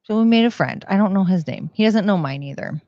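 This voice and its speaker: A woman's voice: mid-range voice, expressive, fast talker, dry recording. Rambling woman streamer, dull dry sound. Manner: rambling, heavy use of "like" and "um". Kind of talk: casual stream chat. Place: at home. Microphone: desk microphone.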